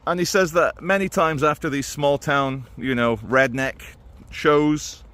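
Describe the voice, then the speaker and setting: A man talking through his opinions in a casual, animated monologue to camera. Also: a little high, measured pace, clean tone. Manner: conversational and animated, with quoted impressions. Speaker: video commentator.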